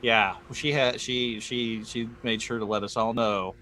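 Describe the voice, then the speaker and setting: A man's voice: medium pitch, steady tone, a little slow, a crowd in the background. An American man co-hosting a live podcast, chatting casually in a rambling way with lots of restarts and fillers. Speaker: podcast co-host. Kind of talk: casual live-stream chat.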